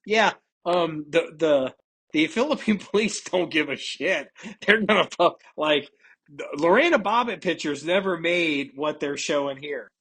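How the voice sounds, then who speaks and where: A man's voice: fairly high pitch, animated, unhurried, a bit bright, husky. A man hosting a casual podcast, reading odd news stories aloud and laughing and joking about them. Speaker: podcast host.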